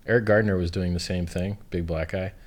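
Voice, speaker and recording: A man's voice: deep voice, steady tone, brisk. A man as an interview guest, talking bluntly and profanely in a matter-of-fact way. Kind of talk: casual chat.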